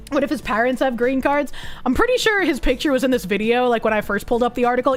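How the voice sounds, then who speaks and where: A woman's voice: sits high, lively intonation, fairly quick, faint music behind. A woman streamer chatting casually and reacting to chat, blunt, sarcastic and heavy on swearing. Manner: blunt, profane and sarcastic, with frequent laughs.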